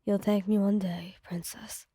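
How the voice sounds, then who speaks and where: A woman's voice: medium pitch, flat delivery, measured pace, dark tone, husky, no echo, studio quality. A woman putting on a menacing possessive young man, whispered role-play. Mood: taunting. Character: possessive young male stalker, cold and menacing.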